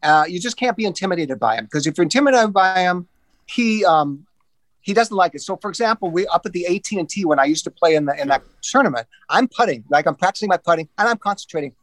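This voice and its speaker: A man's voice: sits high, fast, no echo. A man telling casual golf anecdotes, acting out the voices of the people in them, with frequent restarts. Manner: animated anecdotes, acts out voices, many restarts. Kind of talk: casual storytelling.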